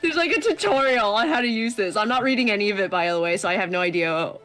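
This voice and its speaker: A woman's voice: mid-range voice, fast talker, a bit bright, faint music behind. A woman chatting playfully on a game stream, giggling often and teasing with jokes. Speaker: co-host guest on a game stream. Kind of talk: casual chat.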